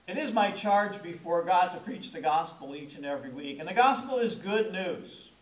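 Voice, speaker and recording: Middle-aged male pastor, high register, conversational storytelling sermon with emphatic stresses; roomy church echo. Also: expressive, moderate pace. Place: church sanctuary. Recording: echoey room.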